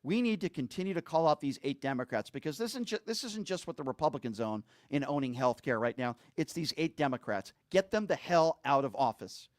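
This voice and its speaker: Animated and brisk, with few pauses, this man's voice sits on the high side as he delivers a furious political rant to camera. The clean studio sound from his streaming mic has no room echo, and he hammers each point with rhetorical question after rhetorical question.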